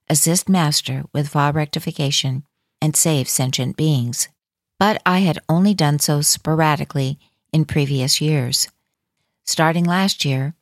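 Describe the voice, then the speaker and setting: Low-voiced woman reading calmly. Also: no echo, studio quality. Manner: calm, measured reading. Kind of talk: scripted narration of a first-person account.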